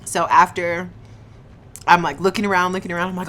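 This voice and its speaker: A young woman telling a casual storytime on her vlog, animated and slangy, swearing and laughing often, eating on camera. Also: lowish voice, a little fast, slight background noise. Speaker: vlogger.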